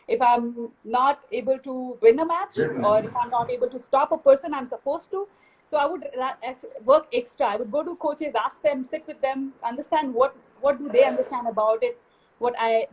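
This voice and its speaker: A woman with a high, breathy-husky voice talks candidly and confidently as an interview guest. Her speech comes through a dull, lo-fi video call line. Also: moderate pace. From India. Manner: candid, self-assured, laughs easily. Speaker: guest basketball player. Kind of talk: live video chat interview.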